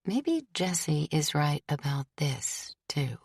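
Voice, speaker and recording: A woman reading a novel aloud as an audiobook narrator, in a measured, steady way. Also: deep voice, vocal fry, breathy edge, dry recording, clean studio sound. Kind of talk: scripted narration.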